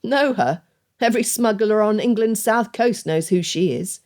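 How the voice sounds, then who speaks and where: A woman's voice: medium pitch, moderate pace, a little mellow, lightly acted. Woman voicing a curt smuggler captain. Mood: scornful. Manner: curt, commanding. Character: gruff male smuggler ship captain.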